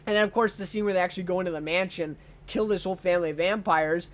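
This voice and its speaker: A man's voice: high voice, rapid-fire. A man giving a casual unscripted TV show review, enthusiastic and full of ums and uhs.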